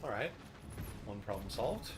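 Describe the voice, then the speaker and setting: A man with a fairly low voice talks through his game in a lively, swinging pitch, joking and cursing, sometimes yelping loudly. Game music plays clearly behind him. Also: unhurried. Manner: joking, swears a lot, sudden loud outbursts. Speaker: streamer. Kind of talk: gameplay commentary.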